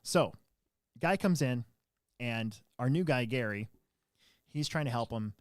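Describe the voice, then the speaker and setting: A man's voice: medium pitch, a little slow, smooth, no echo, studio quality. A man hosting a podcast, telling a story in casual chat and acting out quotes in a raised voice. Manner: animated, acts out quotes in a raised voice. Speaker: podcast host.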